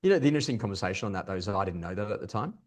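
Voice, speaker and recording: A middle-aged man, a performance coach, talking as a guest in a podcast interview, telling stories quickly with lots of restarts. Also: lowish voice. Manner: fast, animated storytelling with many restarts.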